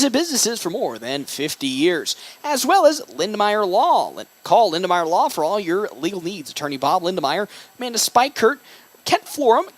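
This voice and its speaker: Excitable high-voiced baseball announcer man. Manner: excitable, rising on big plays. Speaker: play-by-play announcer. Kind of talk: baseball play-by-play commentary.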